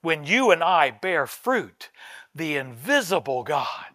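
A man preaching a sermon as pastor, telling a story with swings from soft asides to loud emphatic lines. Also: fairly high pitch, big pitch swings, takes it slowly, no echo, studio quality. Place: church sanctuary.

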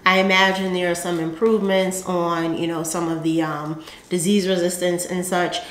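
A woman's voice: fairly low pitch, flat delivery, moderate pace, a bit bright, roomy sound. A woman hosting a gardening channel, chatting casually and rambling with lots of fillers as she shows her seed packets. She speaks with a Southern American accent.

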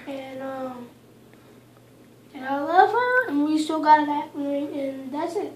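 A woman reminiscing casually about old times, halting and repeating herself as she remembers. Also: sits high, echoey room, a little hiss or hum.

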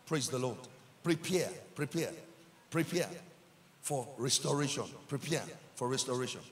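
A man with a Nigerian accent, a pastor preaching a sermon in church, building up to shouted emphasis and repeating his lines. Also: mid-range voice, moderate pace, in a large hall, a little hiss or hum.

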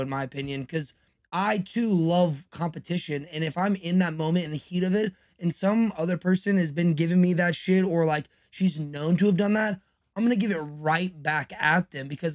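A man's voice: fairly high pitch, dry recording, clean studio sound. Earnest male co-host, casual and profane. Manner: earnest, profane opinion-giving. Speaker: podcast co-host. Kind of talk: casual chat.

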